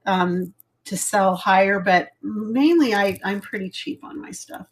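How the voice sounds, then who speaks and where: Woman, middle-aged, live jewelry seller, unhurried, rambling, self-deprecating, casual chat. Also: medium pitch. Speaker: live jewelry auction host.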